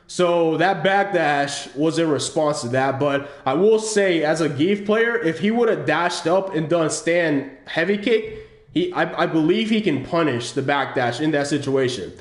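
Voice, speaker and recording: A man giving casual commentary over footage of his own fighting-game match, explaining his choices in a halting way with frequent restarts. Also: on the high side, lively intonation, reverberant. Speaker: channel host analyzing his own match.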